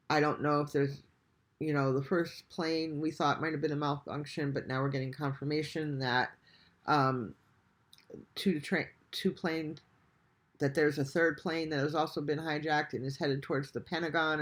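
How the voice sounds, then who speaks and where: Man, reaction host, spins a casual story with animated swearing and frequent laughs. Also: fairly high pitch.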